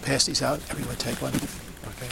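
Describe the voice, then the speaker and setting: A man's voice: medium pitch, fairly even intonation, moderate pace, gravelly, very noisy. A man giving an instructional talk to a group as a sidewalk counselor, emphatic and full of rhetorical questions and checks like "okay?" and "see?".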